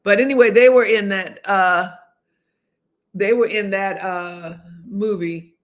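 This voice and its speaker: A woman's voice: mid-range voice, steady tone, takes it slowly. A woman in her seventies, hosting a casual livestream chat, rambling along with many restarts and hesitations. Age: 70s. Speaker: host.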